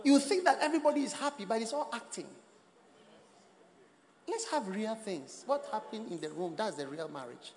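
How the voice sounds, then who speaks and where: A man preaching a sermon in a lively, mocking style that rises to shouts. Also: high voice, moderate pace, big-room sound. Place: church service with live congregation. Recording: noisy live church recording with crowd. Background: congregation laughing.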